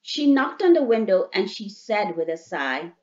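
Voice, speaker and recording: A woman's voice: medium pitch, moderate pace. Woman reading a storybook aloud, lo-fi. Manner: lively, emphatic read-aloud delivery. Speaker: parent reading to a child. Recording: dull lo-fi sound.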